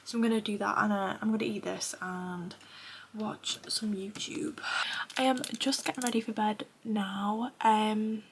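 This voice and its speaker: A young woman in her twenties with a Northern English accent, chatting casually in a tired, soft, half-whispered voice at home at night. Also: mid-range voice, fairly even intonation, measured pace, a little hiss or hum. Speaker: running vlogger. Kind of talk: casual vlog chat.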